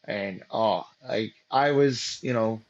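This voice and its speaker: A man's voice: fairly low pitch, slow pace, highs cut off. A man as interview guest, telling his story casually with lots of fillers and restarts. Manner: rambling, many fillers and restarts.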